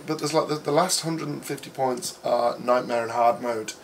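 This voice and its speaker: A man's voice: mid-range voice, steady tone, normal speed, gravelly, a little hiss or hum. A British man hosting a casual gaming podcast, teasing and sarcastic in his banter. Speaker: podcast host.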